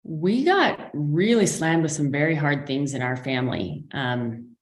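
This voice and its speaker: Low-voiced woman in a roomy space. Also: lively intonation, a little slow. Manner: candid, lots of fillers. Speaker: guest. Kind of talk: casual chat. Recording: roomy echo.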